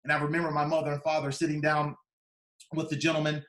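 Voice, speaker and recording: A man's voice: fairly high pitch, completely flat delivery, quick pace, fairly bright tone. A man in his fifties giving a personal storytelling speech as keynote speaker, dramatic and acting out the voices in his story. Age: 50s. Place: large conference hall. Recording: echoey conference hall.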